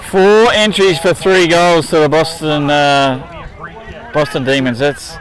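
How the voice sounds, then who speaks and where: Halting color commentator, slightly high voice. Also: male voice, fairly even intonation, low-quality recording. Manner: halting, analytical, many restarts. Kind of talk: sports commentary.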